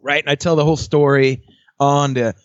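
A young man, a podcast guest, telling his dating stories in casual chat, candid and quick to laugh, swearing freely. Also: on the high side, little pitch movement, clear, resonant tone, no room sound. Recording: dry, dull lo-fi sound.

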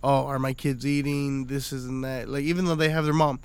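A man in his thirties chatting casually on a podcast, swearing freely, animated and laughing often. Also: mid-range voice, a little fast, clean tone. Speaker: podcast co-host.

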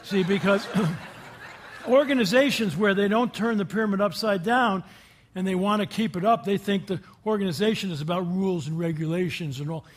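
Speaking to a live group as a guest, a man delivers an inspirational talk at a moderate pace in a voice that sits high. He tells anecdotes in a folksy manner and puts questions to the audience.

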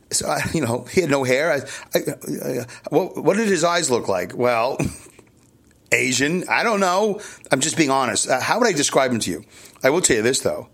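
A middle-aged man from Brooklyn, hosting a podcast alone in a loose, candid ramble, chuckling and correcting himself as he goes. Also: medium pitch. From New York City, Brooklyn. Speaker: podcast host. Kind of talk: casual solo podcast monologue.

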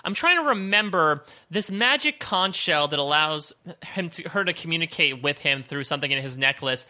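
A man's voice: a little high, moderate pace. A man co-hosting a TV recap podcast in casual, joking chat. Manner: animated, joking, laughs often. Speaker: podcast co-host.

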